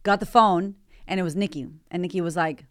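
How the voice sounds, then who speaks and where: A woman's voice: fairly low pitch, steady tone, a little fast, clear, resonant tone. A woman hosting a motivational podcast, talking with candid energy and swearing freely. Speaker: podcast host and life coach.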